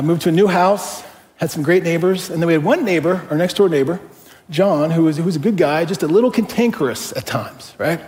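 Middle-aged male pastor, fairly high voice, chatty storytelling sermon, long church reverb. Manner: conversational, animated, with rhetorical questions.

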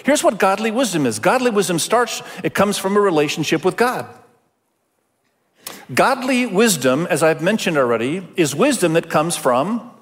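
Male pastor, chatty sermon delivery, a touch high-pitched, recorded with a lingering hall echo. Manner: conversational, addresses listeners directly. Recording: long hall reverb.

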